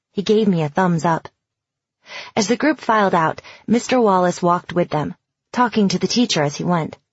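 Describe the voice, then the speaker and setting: A woman reading a first-person audiobook in a reflective, even storytelling manner. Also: on the low side, slightly rough, no echo, highs cut off. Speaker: audiobook narrator.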